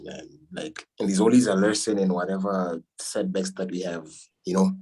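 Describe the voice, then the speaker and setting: Low husky-voiced podcast guest. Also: male voice, steady tone, normal speed, mellow, low-quality recording. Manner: easygoing and reflective, giving advice. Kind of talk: casual chat.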